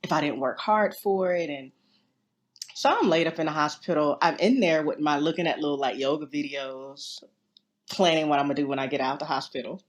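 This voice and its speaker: A woman's voice: low voice, fairly quick. A woman guest on an interview show, telling a personal story casually and animatedly. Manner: animated, acts out quoted voices. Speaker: interview guest, yoga teacher.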